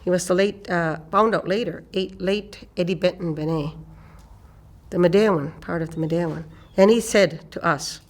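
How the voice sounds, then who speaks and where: An older woman from eastern Canada, an elder telling a personal story in an unhurried way and repeating phrases for emphasis. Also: fairly low pitch.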